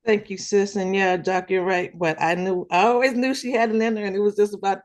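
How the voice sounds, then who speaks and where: A woman chimes in on a team video call, lively and quick to laugh. Her voice sits in a plain middle range for a woman. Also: medium pitch. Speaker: sales team member.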